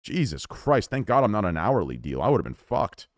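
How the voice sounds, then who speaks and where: Animated, rambling male streamer. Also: lowish voice, fairly quick, no echo, clean studio sound. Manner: rambling, profane, self-mocking, jumps between topics. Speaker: live streamer. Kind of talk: casual live-stream rant to chat.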